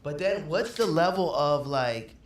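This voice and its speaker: Man, podcast co-host, casual chat, animated storyteller, roomy sound. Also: a little high, measured pace. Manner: animated storyteller who acts out quotes. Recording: roomy room with faint background noise.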